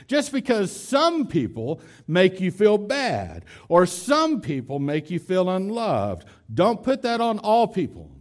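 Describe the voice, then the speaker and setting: With a high voice and wildly swooping pitch, a pastor preaches slowly yet with hardly any pauses. He's emphatic, repeating key phrases and addressing his congregation directly in a church hall.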